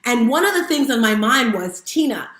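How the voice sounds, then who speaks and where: In a room at home with lights set up, a woman who works as a motivational speaker and fitness instructor gives a candid, emotional live-streamed talk, casually calling her viewers "guys." Her voice is on the high side, sing-song and fairly bright, at normal speed. There's a roomy echo and slight background noise.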